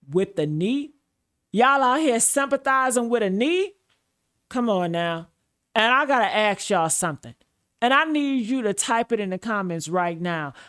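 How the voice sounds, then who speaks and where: A woman's voice: medium pitch, fairly bright tone. A woman host giving a scripted commentary monologue, preacher-like and full of repeated phrases.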